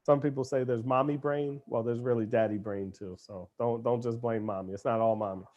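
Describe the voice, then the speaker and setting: A man leads a live kids cooking lesson in an upbeat, chatty way. He talks straight to the children and their parents. His voice sits at an ordinary middle pitch for a man. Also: fairly even intonation, brisk, darkish tone, highs cut off. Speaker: cooking show host.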